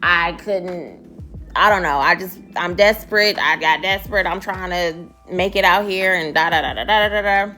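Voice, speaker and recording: A woman's voice: lowish voice, normal speed, pushed and bright, faint music behind. A woman voicing an anxious, pleading young woman. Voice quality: rambling, apologetic.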